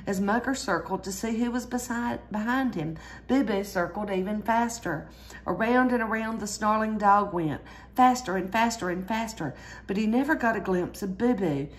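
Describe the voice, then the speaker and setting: A woman reading a children's storybook aloud in a lively way, jumping higher for the characters' cries. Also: normal speed. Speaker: storyteller reading a picture book.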